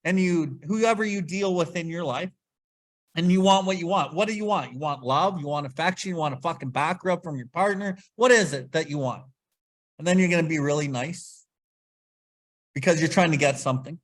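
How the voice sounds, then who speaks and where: A man's voice: on the high side, a little fast. A man leading a casual recovery study talk, blunt and swearing freely as he acts out his own past outbursts. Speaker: podcast host leading Big Book study.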